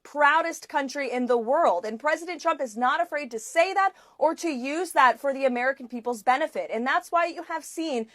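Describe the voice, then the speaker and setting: A woman's voice: high-pitched, moderate pace, few pauses, a bit bright, no room sound, clean studio sound. A woman giving a prepared press statement with a confident, formal delivery.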